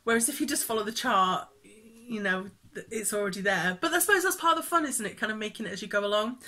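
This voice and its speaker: A woman's voice: medium pitch, fast, pushed and bright. A woman chatting casually in a cross-stitch vlog, rambling with many fillers and frequent laughs. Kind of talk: casual chat showing stitching projects.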